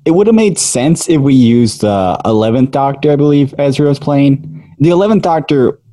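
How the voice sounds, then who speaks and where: A man's voice: medium pitch, animated, moderate pace, mellow. A man speaking as a podcast guest, rambling a little and laughing as he recalls things. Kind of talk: casual podcast chat.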